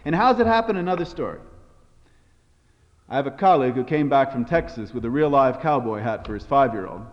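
A man preaching a sermon, telling stories with a varied, expressive delivery. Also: medium pitch, brisk. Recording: dull sound with long hall reverb.

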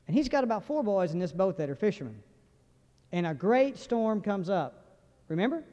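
A man's voice: high voice, sing-song, normal speed, mellow. A man preaching a sermon in a folksy, joking way, firing questions at the congregation. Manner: folksy, humorous, asks the crowd questions. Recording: dull recording with long hall reverb.

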